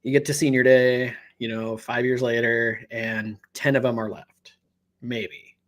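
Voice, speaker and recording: A man co-hosting a laid-back sports podcast, thinking aloud as he talks and leaning on fillers. His pitch is middle for a man, and the delivery is conversational. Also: little pitch movement, unhurried. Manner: rambling, many fillers like "you know". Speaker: podcast co-host. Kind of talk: casual sports chat.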